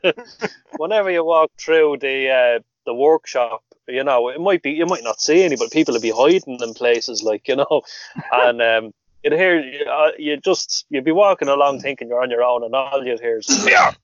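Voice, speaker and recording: A man's voice: mid-range voice, normal speed, dry recording. A man, co-hosting a podcast and rambling through workshop stories, laughing often. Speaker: podcast co-host. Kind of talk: casual chat. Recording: dull lo-fi sound, dry.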